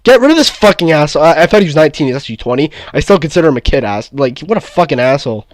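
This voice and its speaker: A man's voice: on the high side, sing-song, rapid-fire, no room sound, clean studio sound. A man in casual chat, telling a story with a lot of cursing and heat. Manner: profane, heated storytelling.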